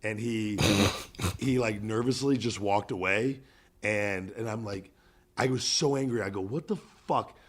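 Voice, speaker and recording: A man's voice: on the low side, a little slow. Profane man telling gym stories. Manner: profane, animated storytelling. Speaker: podcast host. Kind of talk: casual podcast chat.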